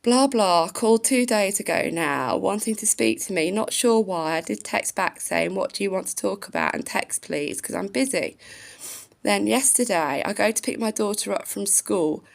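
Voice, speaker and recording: A woman's voice: mid-range voice, lively intonation, normal speed, gravelly. A woman telling an angry story about a social worker, swearing freely and reading a complaint letter aloud. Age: adult parent. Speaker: vlogger. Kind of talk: casual storytelling rant.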